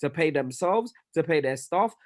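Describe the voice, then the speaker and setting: A man whose London speech carries a Nigerian tinge reflects out loud in a relaxed group conversation. His voice sits a little high, and he is quick to poke fun at himself. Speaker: podcast co-host, business owner. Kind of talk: casual group chat.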